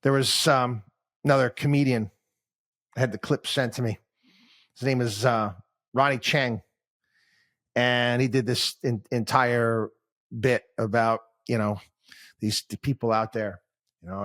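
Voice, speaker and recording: A man's voice: mid-range voice, fairly even intonation, measured pace, long pauses, a bit bright. A man hosting a podcast, talking through his thoughts in a rambling, conversational monologue. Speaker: podcast host. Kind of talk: casual commentary monologue.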